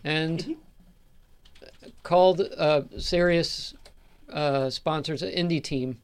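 A man who is a regular on a radio talk show, speaking softly and haltingly with many fillers. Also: on the high side, clear, resonant tone. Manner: halting, soft-spoken, full of fillers. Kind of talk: casual radio show banter.

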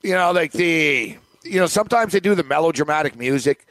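A man's voice: fairly high pitch, expressive, a little fast, fairly bright tone, no room sound. A man from the United States hosting a casual podcast, ranting and joking about insurance and drug prices.

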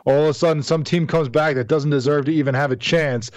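A man's voice: on the high side, fairly even intonation, no room sound, lo-fi sound. A man co-hosting a sports talk show, chatting casually and leaning on "like" and "you know". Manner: quick, conversational, says "like" and "you know" a lot. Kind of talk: casual sports radio chat.

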